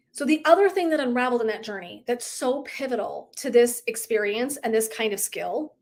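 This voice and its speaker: A middle-aged woman with a slightly high voice hosts a casual livestream. She is chatty and earnest, leaning on "like" and "right?" as she coaches her viewers. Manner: chatty, heavy use of "like", earnest and emotive. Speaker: wellness coach.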